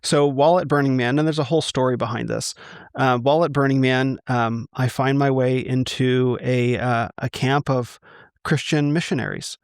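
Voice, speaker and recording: A man from the United States tells his personal story to an interviewer over a call. He halts and restarts often and fills pauses with ums. His voice sits in a middle pitch and sounds dry and close. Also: fairly even intonation, clean tone, no room sound. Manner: halting, many restarts and fillers. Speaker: interview guest. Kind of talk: conversational testimony.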